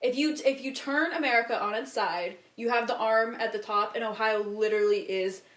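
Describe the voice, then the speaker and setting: Blunt woman host, slightly high, echoey. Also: a little fast, a bit bright. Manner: blunt, exaggerating, laughs often. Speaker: podcast host. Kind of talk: casual chat. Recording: roomy echo.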